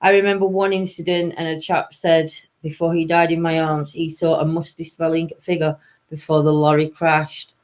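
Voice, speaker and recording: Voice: mid-range voice, flat delivery, moderate pace. A host with a Sheffield accent chatting casually on a live stream, reading out viewer comments, laughing often and trailing off mid-sentence. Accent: Sheffield, Yorkshire. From England.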